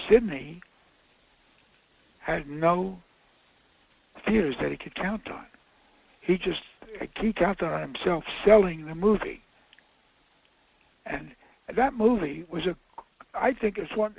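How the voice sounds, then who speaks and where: A man's voice: on the high side, creaky, husky. An older man, a film director, telling rambling, self-interrupting anecdotes in a casual interview. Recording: muffled dull interview audio.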